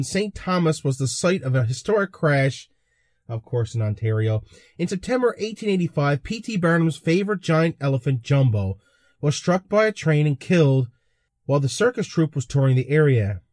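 A man's voice: fairly high pitch, expressive, moderate pace, a little mellow, no room sound, studio quality. A man hosting a podcast, chatting casually and reading articles, with amused asides. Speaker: podcast host.

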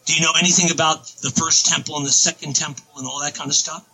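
Man, excitable storyteller, rambling, very bright edgy tone, husky. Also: a little high, fast, poor audio. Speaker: interview guest. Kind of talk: casual storytelling on a podcast.

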